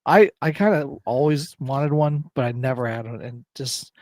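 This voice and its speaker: A man's voice: mid-range voice, moderate pace, a little mellow, no room sound. A man co-hosting a podcast in casual chat, easygoing, laughing and chiming in with short reactions. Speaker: podcast co-host.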